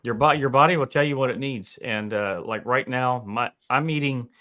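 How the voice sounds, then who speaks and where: A man's voice: medium pitch, moderate pace, pushed and bright. A man hosting a live stream, reading out and thanking viewers' donations in a casual, upbeat way. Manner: upbeat, thanks donors one by one. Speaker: livestream host reading super chats.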